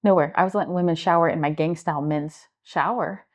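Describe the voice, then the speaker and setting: A middle-aged woman with a Midwestern American accent speaks in a low-pitched, brisk voice. She directs homeless services and, in an interview, tells stories earnestly, animatedly acting out the people she quotes.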